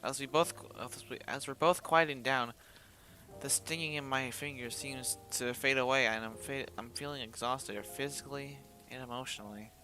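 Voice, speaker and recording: A man reads a visual novel aloud in the first person, putting feeling into the narration. His voice is an ordinary mid pitch, and he often stumbles and restarts. He breaks off now and then with blunt sworn reactions, while faint music plays behind him. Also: fairly even intonation, moderate pace, sharp tone. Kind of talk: dramatic first-person story reading with asides.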